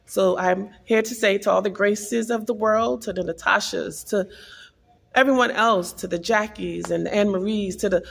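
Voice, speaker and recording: Husky, gravelly-voiced woman sharing a testimony. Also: medium pitch, moderate pace, in a large hall. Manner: earnest, emotional storytelling. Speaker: vlogger. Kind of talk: personal spiritual testimony.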